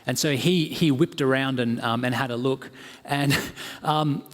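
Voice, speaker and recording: A man's voice: mid-range voice, steady tone, normal speed. A man with an Australian accent giving a sermon as a guest preacher, telling stories in an earnest, conversational way with fillers. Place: church hall. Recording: church hall with long reverb.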